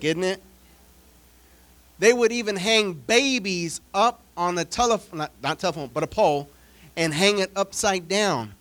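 A man preaching a sermon in a fairly high voice, with dramatic storytelling that swings between loud declarations and quiet asides. He jokes with his congregation and talks to them directly as their pastor. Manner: humorous, addresses the congregation directly.

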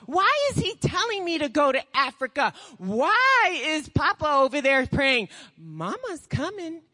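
A woman preaching a sermon with passion, firing rhetorical questions and swinging from hushed tones to shouting. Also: sits high, very animated, unhurried, long reverb tail.

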